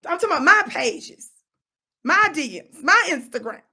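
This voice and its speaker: A woman hosting her own show, giving an animated, preachy commentary monologue, repeating words for emphasis and teasing her listeners with bursts of laughter. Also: high-pitched, normal speed. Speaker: talk show host.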